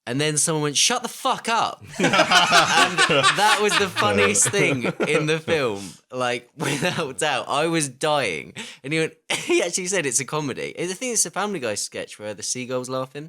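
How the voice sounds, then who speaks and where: A young man co-hosting a film podcast. His voice is bright and swoops up and down as he rants and tells stories, swearing freely. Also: fairly high pitch, normal speed, hardly any pauses. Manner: lively, swearing, laughs through his stories. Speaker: podcast co-host. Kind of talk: casual film chat.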